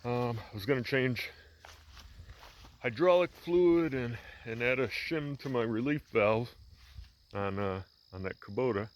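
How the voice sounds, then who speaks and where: Speaking at a measured pace in a mid-range voice, a male farmer vlogger narrates a walk-and-talk about his farm chores, filmed on a handheld camera outside. His delivery is relaxed and rambling, with plenty of fillers and restarts.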